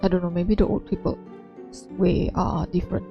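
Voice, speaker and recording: A woman's voice: lowish voice, flat delivery, moderate pace, muffled recording, soft background music. A woman chatting casually over a game she plays, musing aloud and laughing often. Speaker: game streamer. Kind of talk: casual gameplay commentary.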